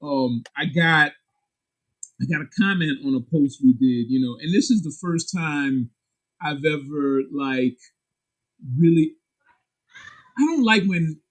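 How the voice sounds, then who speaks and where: Guy with a husky kinda high voice, talks comics, gets real animated and slangy. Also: slow pace, pauses often, low-quality recording. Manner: animated and emphatic, sharp jumps in pitch; slangy, candid. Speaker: comic book publisher, guest. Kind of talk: casual chat.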